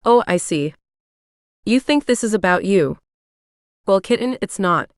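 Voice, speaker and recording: A defensive young man who answers with cold sneers, as a woman narrator reads him. The voice stays smooth and clear, and it sits close and dry on the mic. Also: medium pitch, lively intonation, unhurried, a little mellow, no room sound.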